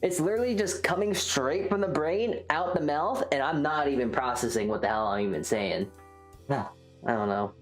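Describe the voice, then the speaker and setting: Deep-voiced lady streaming and yapping at chat, makes fun of herself, echoey room. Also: animated, normal speed, soft background music. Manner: rambling, self-mocking, reacts to chat. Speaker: livestreamer. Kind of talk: casual livestream chat. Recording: roomy echo.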